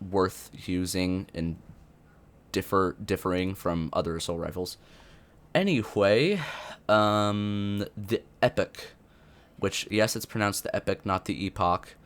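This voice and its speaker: Low-voiced young man rambling about a game. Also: clear, resonant tone. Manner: rambling, lots of fillers and restarts. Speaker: gaming youtuber. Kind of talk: unscripted commentary.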